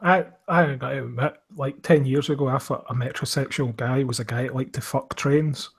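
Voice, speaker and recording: A man's voice: mid-range voice, fairly even intonation, normal speed, vocal fry, breathy edge. A Scottish man from Glasgow hosting a livestream podcast, chatting casually in a blunt, sweary, mocking way. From Scotland. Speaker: podcast host.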